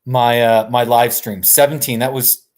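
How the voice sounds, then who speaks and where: A man hosting a live stream from his couch, chatting casually in a relaxed, rambling way and chuckling often. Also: mid-range voice, moderate pace. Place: sitting on a couch at home.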